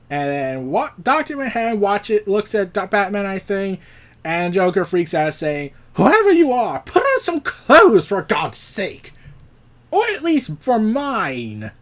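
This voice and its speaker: A man casually recapping a comic book issue, rambling with restarts. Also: high voice. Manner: rambling, with restarts and acted quotes.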